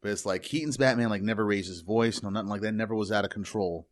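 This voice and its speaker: A man co-hosting a podcast, talking about movies in a casual, opinionated and animated way. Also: fairly low pitch, fast talker. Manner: animated, opinionated, mock impressions. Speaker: podcast co-host.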